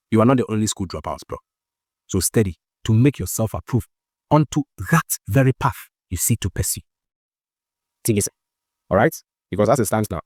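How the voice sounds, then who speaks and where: A man's voice: on the low side, a little mellow, dry recording, studio quality. A man in a played clip who sternly lectures and scolds someone in a video message. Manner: lecturing, reproachful.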